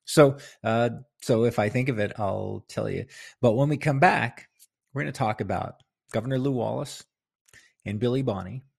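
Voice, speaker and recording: A man's voice: lowish voice, gravelly, a little mellow, breathy edge. A man hosting a casual history talk, rambling and chatty with many fillers and restarts. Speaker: podcast host.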